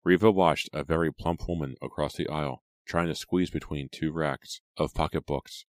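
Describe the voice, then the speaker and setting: Very deep-voiced male narrator. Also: no room sound, clean studio sound. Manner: measured, even storytelling. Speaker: audiobook narrator. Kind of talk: scripted narration.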